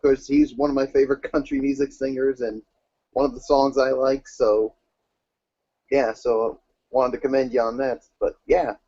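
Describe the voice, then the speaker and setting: Male co-host, mellow dark voice, easygoing and hesitant, dry muffled recording. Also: medium pitch, level tone, moderate pace, no echo. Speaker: podcast co-host. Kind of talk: casual wrestling recap chat.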